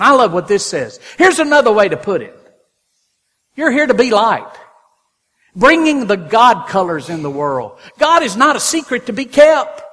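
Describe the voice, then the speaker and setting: Man, high voice, preaching a sermon, animated with loud bursts, long church reverb. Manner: animated, rising to loud exclamations. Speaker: pastor. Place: church sanctuary.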